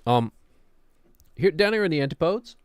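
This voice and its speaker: A man's voice: fairly high pitch, expressive, normal speed, clean tone, no echo. A man, chatting casually and rambling while he streams a game. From New Zealand. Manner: rambling, musing, self-deprecating. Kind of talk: casual gameplay chat.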